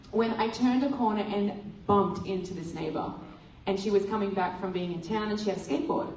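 A woman giving a testimony sermon at church, telling a lively story and acting out the dialogue. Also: mid-range voice, fairly quick, hardly any pauses, a little hiss or hum. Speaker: church speaker. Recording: roomy hall from a distant mic.

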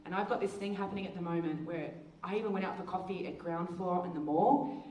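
A woman gives a storytelling testimony in a low-pitched voice, acting out dialogue with leaps in pitch. She is heard from a distance in a roomy, echoing space with a faint background hum. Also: fast talker, darkish tone. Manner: storytelling, acts out quotes with big pitch jumps. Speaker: speaker. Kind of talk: testimony talk. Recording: echoey room, heard from a distance.

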